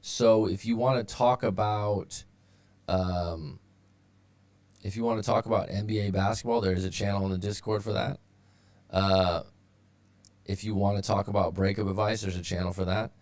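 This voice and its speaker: A man's voice: lowish voice, fairly even intonation, normal speed, pauses often, a little mellow. A man hosting a live stream as a breakup coach, talking casually with lots of fillers and restarts, his audio turning robotic at times. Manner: rambling, with many fillers and restarts.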